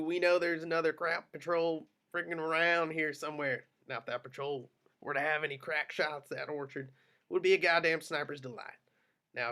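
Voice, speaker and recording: A man's voice: on the high side, sharp tone. A man reading a hard-nosed officer's lines in an amateur script reading, drawling and menacing. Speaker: reader of Aldo.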